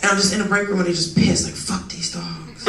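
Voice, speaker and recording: A woman performing a profane, animated stand-up set on a live comedy club stage. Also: medium pitch, rapid-fire. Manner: profane, animated, acts out quoted voices. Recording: echoey room, distant mic, crowd noise. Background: audience laughter.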